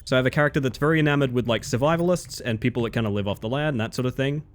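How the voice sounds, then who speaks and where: A man's voice: medium pitch, racing. A man streaming live, talking in a loose, rambling way and filling gaps with "like" and "you know". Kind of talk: casual live-stream chat.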